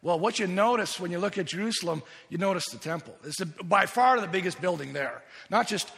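High-voiced pastor in a reverberant hall. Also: male voice, animated, brisk, vocal fry, a bit bright. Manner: earnest and emphatic, often restarting and repeating words. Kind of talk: sermon. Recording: long reverb of a large hall.

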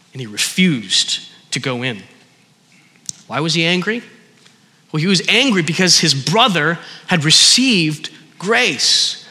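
A man preaches a sermon, earnest and deliberate, slowing on key words and letting phrases sink low at their ends. His voice is very bright and slightly high, and it rings out with a long reverb as if in a large hall. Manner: earnest, slows for emphasis, voice drops at phrase ends.

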